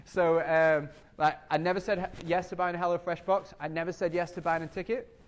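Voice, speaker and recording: A sales trainer addresses his team at a quick clip, hammering points home through repetition. His voice sits a little high for a man. A faint ambient hum runs beneath the talk. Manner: energetic, repetitive, acts out customer scenes.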